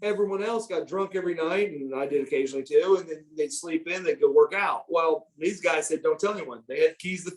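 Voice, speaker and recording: A former pro wrestler from the United States, in his fifties, spins profane, animated tales as a guest in a podcast interview. His voice sits a bit higher than most men's and moves fairly quickly with few pauses, on a rough recording. He stumbles and restarts as the stories tumble out.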